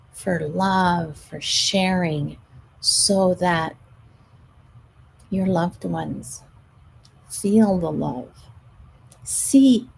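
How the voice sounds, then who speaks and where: Slow gravelly-voiced woman coach. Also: lowish voice, a little hiss or hum, poor audio. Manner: gentle, coaching, sometimes drops almost to a whisper. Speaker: stress management coach. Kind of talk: live show monologue.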